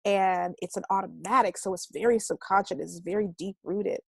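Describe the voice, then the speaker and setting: An animated woman teaches a self-love class in a loose, conversational way, with a bit of casual swearing. Her voice sits at an ordinary middle pitch, recorded close and dry with no room echo. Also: normal speed, gravelly, breathy edge. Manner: animated and expressive, acting out quoted voices; casual speech with mild swearing.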